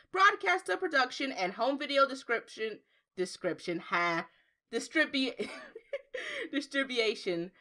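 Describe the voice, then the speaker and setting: A woman's voice: on the high side, pushed and bright. A woman hosting a podcast, chatting casually and reading out news. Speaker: podcast host.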